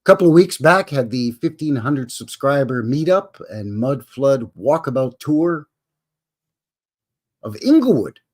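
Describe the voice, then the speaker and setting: A Canadian-accented man from Alberta runs a live stream, rambling in a folksy style and calling out viewers by name. His mid-range voice has a sing-song lilt, a measured pace and a darkish tone.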